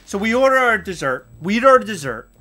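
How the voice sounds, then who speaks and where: Bright-toned man, podcast host, casual and animated storyteller. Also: sits high, brisk, faint music behind. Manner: animated, loud outbursts while retelling a story.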